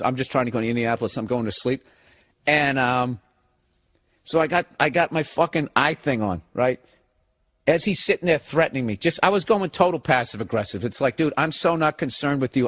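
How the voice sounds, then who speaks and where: A man, telling a profane comic story as a podcast host and acting out other people's lines. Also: mid-range voice. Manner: animated, swearing, acts out other people's lines, laughs. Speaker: comedian on his podcast. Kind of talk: profane comedic storytelling rant.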